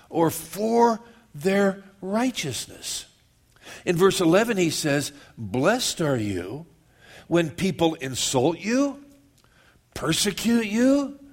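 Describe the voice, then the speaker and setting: A man preaching a sermon, slowing down for scripture and rushing through quick asides. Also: sits high. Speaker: pastor.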